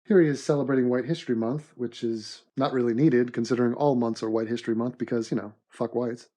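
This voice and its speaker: A man narrates an animated comedy commentary with mock-serious, deadpan sarcasm. His voice sits at an ordinary mid pitch, and he delivers the jokes straight-faced. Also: quick pace.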